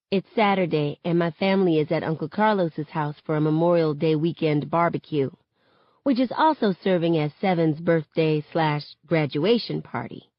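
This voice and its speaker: A woman's voice: low voice, no room sound. A woman reading a first-person novel aloud, changing her voice for each character's lines. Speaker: audiobook reader. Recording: dull, dry, lo-fi home recording.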